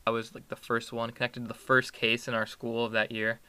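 A man's voice: mid-range voice, monotone, brisk, sharp tone, smooth, no room sound. A teenage boy chatting casually in an interview, rambling with many fillers and restarts. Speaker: student athlete guest.

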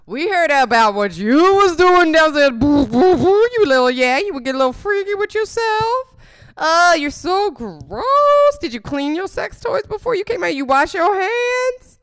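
A woman voicing her own parents, teasing and mocking her in a loud, sing-song taunt. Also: extremely high pitch, big pitch swings, a little slow, no room sound, voice pushed up, full character voice.

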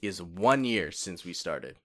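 A man's voice: sits low, sing-song, takes it slowly, fairly bright tone. A man of thirty co-hosting a podcast, chatting casually with dry, laid-back replies. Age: 30s. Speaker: podcast co-host. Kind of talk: casual chat.

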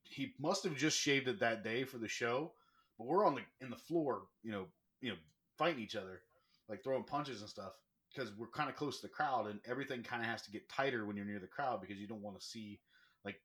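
Bright-voiced man telling animated stories. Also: on the low side, fairly quick. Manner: animated, lively anecdote-telling. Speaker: professional wrestler guest. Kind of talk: casual storytelling.

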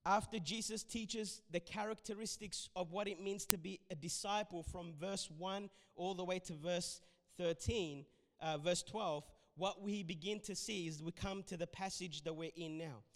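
A man's voice: high-pitched, normal speed, big-room sound. A man preaching a sermon in a church, emphatic and urging his listeners. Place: church hall.

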